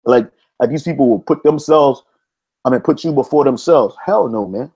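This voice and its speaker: A man's voice: medium pitch, moderate pace, darkish tone, breathy edge. A man preaching informally, reading an article aloud and arguing back at it, with street-casual talk full of "man". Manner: stops to reread passages and argue back. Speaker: religious commentator.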